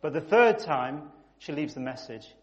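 A man's voice: on the high side, animated, normal speed, muffled recording. Male preacher telling a vivid story. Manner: vivid, emphatic storytelling with sudden loud rises. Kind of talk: sermon storytelling.

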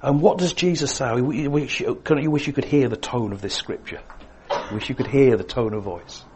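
Expressive male preacher. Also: mid-range voice, moderate pace, a little hiss or hum. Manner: expressive, swings between emphatic and hushed. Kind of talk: sermon.

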